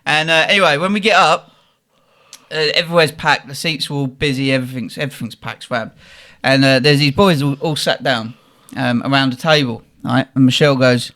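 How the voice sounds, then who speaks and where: Guy on a podcast telling mad stories, bright forceful voice, does all the voices. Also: mid-range voice, a little fast. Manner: animated, acts out voices in anecdotes. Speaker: podcast host. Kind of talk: casual storytelling chat.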